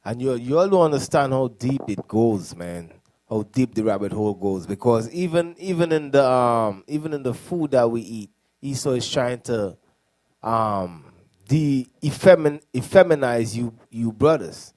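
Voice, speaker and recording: A man's voice: medium pitch, expressive, normal speed, a little mellow, dry recording. A young man serving as a deacon, speaking loosely and conversationally in a classroom, laughing at his own jokes. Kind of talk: classroom teaching.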